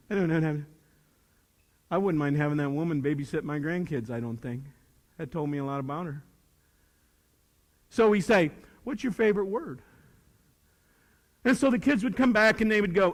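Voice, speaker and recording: An older man giving a live motivational talk to young people, animated and swinging between loud bursts and hushed asides. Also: a little high, moderate pace, pauses often. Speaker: motivational speaker. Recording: reverberant hall.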